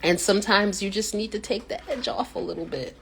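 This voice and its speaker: A woman hosting a casual live chat, telling stories with animated reactions and acting out what people said with sudden pitch jumps. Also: a little fast, a little hiss or hum. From United States. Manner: animated storyteller who acts out quotes with sudden pitch jumps. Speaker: host.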